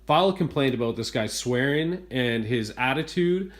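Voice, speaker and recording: A man's voice: mid-range voice, animated, moderate pace. Exasperated man ranting about his fridge. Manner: exasperated, retelling events in a rush. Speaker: homeowner reviewing appliances. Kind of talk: ranting home video complaint. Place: inside a home kitchen.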